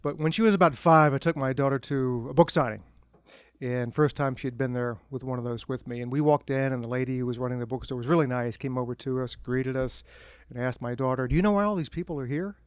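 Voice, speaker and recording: A man's voice: mid-range voice, brisk, clear, resonant tone, no echo, clean studio sound. Middle-aged man telling funny stories. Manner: relaxed anecdotal delivery with self-deprecating humor. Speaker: author speaking at a book event. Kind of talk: humorous storytelling talk to an audience. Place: bookstore event.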